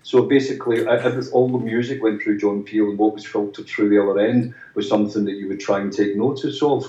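A man's voice: on the low side, steady tone, fairly quick, warm tone. A musician guest in a chatty interview, telling long anecdotes with many restarts and acting out the voices of people he quotes. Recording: roomy, distant, dull sound.

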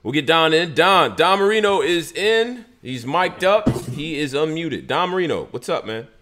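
A male podcast host with a somewhat high, bright voice who talks emphatically in casual debate. His pitch swings a lot. He sounds loose and forceful. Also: animated, normal speed.

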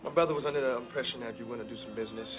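An actor playing a gangster who tries to calm things down, talking in a placating, urgent way. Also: male voice, mid-range voice, very fast, natural voice. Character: male gangster playing peacemaker. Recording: tinny film clip over music and crowd.

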